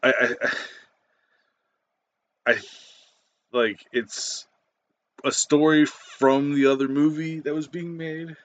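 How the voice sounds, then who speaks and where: A man's voice: fairly high pitch, steady tone, slow, long pauses. A man giving a casual spoken movie review, rambling with many fillers, restarts and casual swearing.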